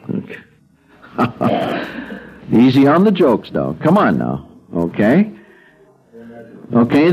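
A man's voice: on the high side, poor audio. A man teaching Greek grammar in a classroom lecture, patiently repeating words and checking in with "okay?". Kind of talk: classroom lecture walking through a worksheet.

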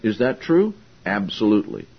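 A male preacher delivers a sermon in a husky voice with a lively, swooping pitch. He is blunt and confrontational and fires off rhetorical questions. The recording is slightly dull and lo-fi. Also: normal speed. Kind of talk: sermon, Bible exposition.

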